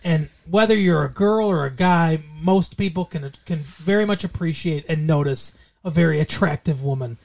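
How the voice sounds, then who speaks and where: A man's voice: on the high side, normal speed, gravelly, a little mellow. A man from Michigan with a light Michigan accent, joking and teasing his co-host in a casual podcast chat. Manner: joking, teasing, puts on silly voices.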